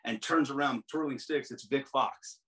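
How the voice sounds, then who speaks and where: Over a noisy crowd, a middle-aged musician guest speaks at a moderate pace in a mid-range voice, captured in a low-quality recording. His casual interview is full of long, rambling stories with frequent restarts, and he often mimics the voices of others.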